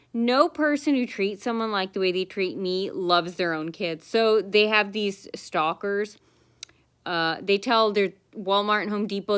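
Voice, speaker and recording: A woman's voice: mid-range voice, fairly bright tone, clear, resonant tone. A woman telling a long personal story to the camera in a casual, rambling, aggrieved way, full of fillers and restarts. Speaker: vlogger.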